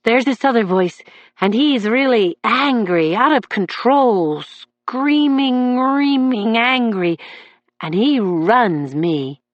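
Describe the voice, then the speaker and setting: A man's voice: extremely high pitch, animated, takes it slowly, no room sound, lo-fi sound, voice pushed up, exaggerated voice. A woman voicing a distraught defendant in his thirties, a man whose voice warbles with emotion as he testifies. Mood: haunted. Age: 30s.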